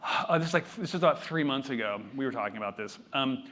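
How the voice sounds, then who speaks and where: A male keynote speaker talks to a live conference audience in a loose, unscripted-sounding manner. He mocks himself and drops playful asides, and his voice sits at an ordinary middle pitch. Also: expressive, fast talker, a bit bright. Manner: conversational and self-deprecating, with joking asides.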